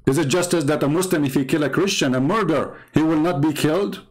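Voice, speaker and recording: Mocking man with a fairly high voice. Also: quick pace. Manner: mocking, emphatic, sarcastic. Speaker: host. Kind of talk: livestream commentary.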